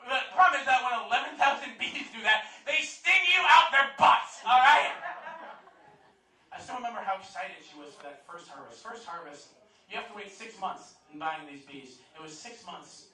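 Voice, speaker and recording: A man performing a stand-up comedy set in a comedy club, talking loudly to the crowd with swearing and shouted punchlines. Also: sits high. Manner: loud, swearing crowd work with rising shouts. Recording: echoey club audio from a distance.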